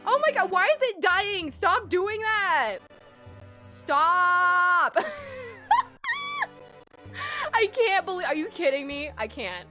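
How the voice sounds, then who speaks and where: A young woman streaming a game, excitable and gushing, with frequent gasps. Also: very high-pitched, unhurried, long pauses. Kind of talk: casual live-stream commentary. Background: faint game music.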